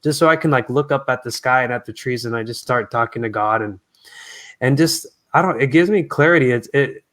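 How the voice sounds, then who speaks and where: A man speaking as a guest in a casual interview, talking in an earnest, reflective, soft-spoken way. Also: mid-range voice, a little fast. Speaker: guest singer.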